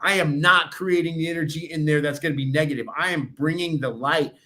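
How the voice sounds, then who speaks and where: High-energy man telling stories on a podcast. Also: a little fast, sharp tone. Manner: high-energy storytelling, acts out others' lines. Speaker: podcast co-host. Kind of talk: casual podcast chat.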